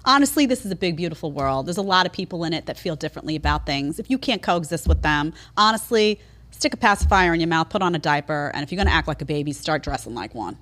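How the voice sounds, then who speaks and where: A woman's voice: low-pitched, quick pace. A woman from New York hosting a podcast, giving opinionated, sarcastic commentary. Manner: sarcastic, animated, mocking impressions. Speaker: podcast host.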